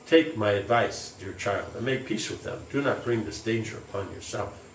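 A man's voice: on the low side, normal speed, a little hiss or hum, lightly acted. A man reading aloud the words of a solemn old male sage giving counsel, in a distant, roomy recording. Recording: roomy, distant, faint ambience.

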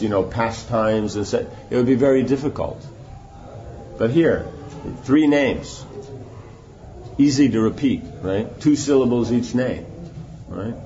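A man's voice: medium pitch, warm tone, slight background noise. Male teacher for a casual scripture class; conversational, keeps asking "right?", slightly dull recording. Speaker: spiritual teacher.

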